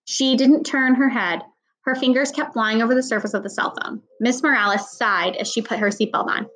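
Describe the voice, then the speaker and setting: Higher-voiced woman reading a novel. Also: fairly quick, rough recording. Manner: steady storytelling narration. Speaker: audiobook reader. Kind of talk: reading a children's novel aloud.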